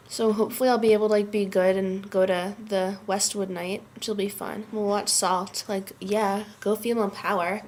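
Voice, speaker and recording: A woman's voice: medium pitch, a little hiss or hum. A teenage girl who is sick and tired, chatting casually to her webcam from a dorm room and filling every phrase with "like". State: sick and worn out. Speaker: vlogger. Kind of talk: casual chat to camera. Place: dorm room at a summer camp.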